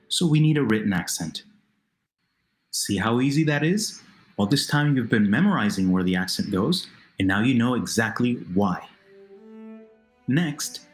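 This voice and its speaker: A man narrating a language lesson, explaining slowly and carefully and repeating words for the listener, over a noisy voice-over recording. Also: medium pitch. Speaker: Spanish teacher. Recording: noisy narration with faint music.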